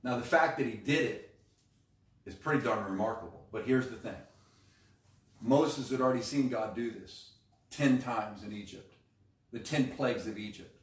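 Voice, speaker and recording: Male pastor preaching, emphatic and animated, echoey church, kinda far from the mic. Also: mid-range voice, moderate pace, pauses often. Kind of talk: sermon. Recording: echoey room, mic at a distance.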